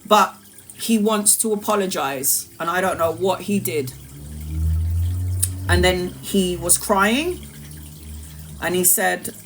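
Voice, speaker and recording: A woman's voice: on the low side, takes it slowly, long pauses, a bit bright. A woman tarot reader talking on a live stream. She is emphatic and repetitive, calls viewers endearing names and swears freely. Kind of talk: live-streamed spiritual talk.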